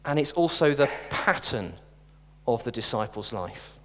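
A man's voice: medium pitch, sing-song, unhurried, slight background noise. A middle-aged man preaching a sermon in a church, earnest with wry asides and jokes. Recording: reverberant church hall.

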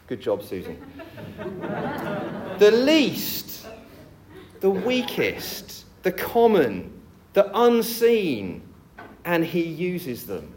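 Male preacher, sermon delivery, lively and animated, a bit high-pitched. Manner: lively, jokey storytelling delivery.

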